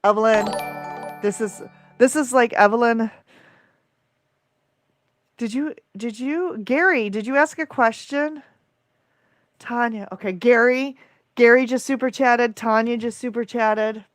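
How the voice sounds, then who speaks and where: A tired woman hosting a livestream, reading out viewer comments in an excitable, emotional rush. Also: on the high side, unhurried, pauses often, no room sound, faint music behind. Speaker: livestream host and coach. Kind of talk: live-stream chat reading viewer comments.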